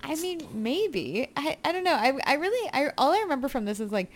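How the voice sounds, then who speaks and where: Podcast co-host, woman, laughing storyteller, animated pitch. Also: a little fast. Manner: giggly, storytelling, frequent laughs. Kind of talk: casual chat, movie review.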